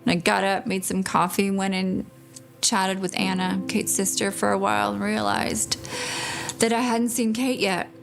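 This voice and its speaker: A woman speaking as a grieving mother in an interview, halting and pausing, restarting her sentences. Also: mid-range voice, flat delivery, creaky, over music. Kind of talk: emotional interview testimony.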